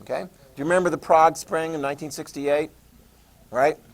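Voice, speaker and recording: Animated male history teacher lecturing. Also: a little high, creaky. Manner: animated storytelling, acts out leaders in quick voices; repeats key terms for note-taking. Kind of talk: classroom lecture.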